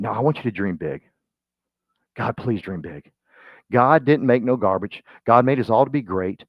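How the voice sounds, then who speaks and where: A man gives a motivational training talk to real estate agents, his low voice swinging between shouted bursts and hushed asides like a preacher. He talks in a folksy, excitable way. The recording sounds dull and muffled, with a dry, close sound. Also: dry recording.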